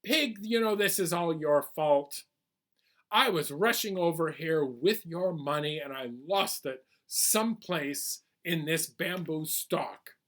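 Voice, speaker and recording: A man's voice: on the high side, expressive, fairly bright tone. A man voicing a lazy, sly male spider trickster in a children's storytime, talking his way out of debts. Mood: pushy. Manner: wheedling, fast excuses.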